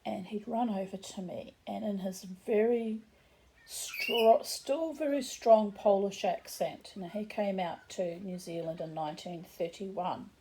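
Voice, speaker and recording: A woman's voice: mid-range voice, measured pace, warm tone, a little hiss or hum, low-quality recording. A middle-aged woman telling a personal story in a rambling way, correcting herself and adding wry asides.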